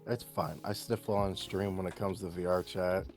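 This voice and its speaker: A man's voice: deep voice, flat delivery, moderate pace, music in the background. A man chatting on a live stream, giving brief, laid-back replies to his co-host. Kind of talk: casual chat on a live stream.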